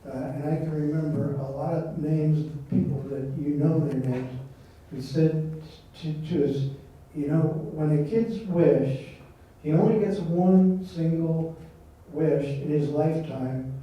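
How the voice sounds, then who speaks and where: A man speaking in an unhurried, halting way with many fillers, recorded from a distance in a dull, roomy sound. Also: a little high, steady tone. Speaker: guest speaker. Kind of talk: casual conversation.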